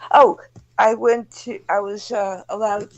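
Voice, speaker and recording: Gravelly, halting woman on lo-fi audio. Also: mid-range voice, steady tone. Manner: halting, searching for words. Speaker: guest. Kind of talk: casual talk-show chat. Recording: dull lo-fi audio.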